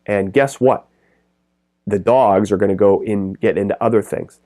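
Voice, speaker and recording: Energetic man giving pet business advice. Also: lowish voice. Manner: energetic, rambling, quick bursts. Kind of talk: direct-to-camera business advice.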